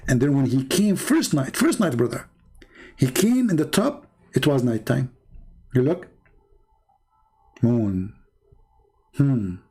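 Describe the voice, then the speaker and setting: A man's voice: medium pitch, very animated, takes it slowly, long pauses, dark tone, husky. A man whose first language is Arabic, arguing heatedly with a caller and then mocking the point in sarcastic commentary. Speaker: debate host.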